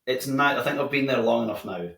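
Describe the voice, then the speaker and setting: A man's voice: mid-range voice, fast, creaky, a bit bright. A man, a bar owner chatting as a guest, rambling with lots of restarts. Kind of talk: casual interview chat. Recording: roomy sound from a distant mic.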